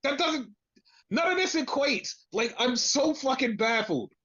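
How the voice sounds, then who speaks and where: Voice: sits high, lively intonation, unhurried, fairly bright tone. A podcast co-host ranting in exasperation through a casual wrestling recap, swearing often. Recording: dull lo-fi sound.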